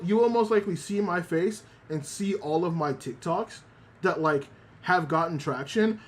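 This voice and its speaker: A male VTuber chatting on a casual livestream, rambling and looping back on himself. He swears freely and often repeats lines. His voice sits a bit high for a man. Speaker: VTuber streamer.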